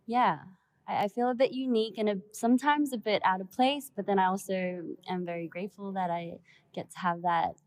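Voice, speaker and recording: A young woman answering interview questions softly, with hesitations and restarts. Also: medium pitch, dry recording. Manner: soft, hesitant, many fillers and restarts. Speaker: guest. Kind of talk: casual interview chat.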